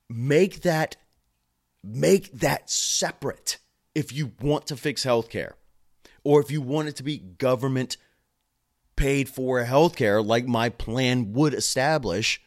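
A man who works as a nurse, ranting angrily into a camera at home, swearing a lot and breaking into loud outbursts and quick asides. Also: medium pitch. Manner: profane, frustrated, loud outbursts and rapid asides. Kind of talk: angry ranting vlog.

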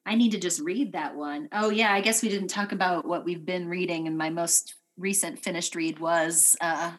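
A woman's voice: fairly low pitch, fairly even intonation, normal speed. A woman from the United States co-hosting a podcast, chatting casually and laughing often. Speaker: podcast co-host. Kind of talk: casual chat.

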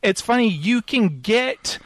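A man with a high voice chats casually, telling an animated story. The sound is dry and close, with no room echo. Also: takes it slowly. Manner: animated storytelling, acting out quoted lines. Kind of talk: casual chat.

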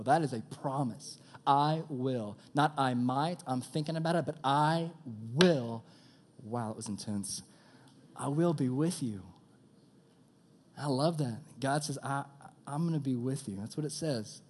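A young man preaching a sermon in a casual, energetic style, calling out to his audience. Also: mid-range voice. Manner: energetic, conversational preaching with audience call-outs. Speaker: youth pastor.

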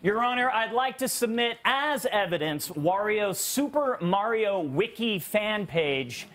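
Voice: mid-range voice, expressive, unhurried, a bit bright. A performer playing a defense attorney in a comedy courtroom sketch, smug and theatrical.

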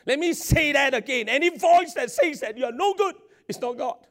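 A male pastor, preaching a sermon in an excitable way, repeating words and laughing often. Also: very high-pitched, normal speed. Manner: excitable, stammering repetitions, frequent laughter.

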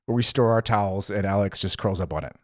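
A man's voice: fairly low pitch, fast, no echo, clean studio sound. Chatty laughing male podcast co-host. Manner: laughs often, chatty with many fillers and restarts. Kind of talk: casual chat.

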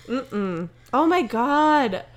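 A woman's voice: high voice, lively intonation, slow pace, over a noisy crowd. A young woman co-hosting a casual podcast, telling a story in a rambling way with many fillers. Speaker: podcast co-host. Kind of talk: casual chat.

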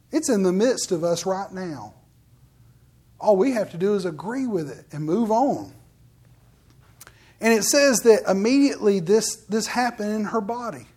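A preacher with a mid-range, darkish voice and a breathy edge gives a casual, candid sermon to a live congregation. The tone is conversational, speaking straight to the crowd and acting out the people of the Bible story in quoted voices.

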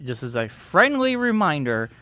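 Upbeat male co-host, higher voice with lots of movement, dry studio mic. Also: moderate pace, dry recording. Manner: upbeat, promotional, animated. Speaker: podcast co-host and event promoter. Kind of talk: casual chat.

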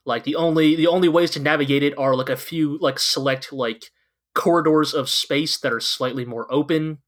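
Man, podcast co-host, bright tone, slightly high voice, excited rambling chat. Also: moderate pace. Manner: enthusiastic, rambling with many fillers. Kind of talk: casual anime recap chat.

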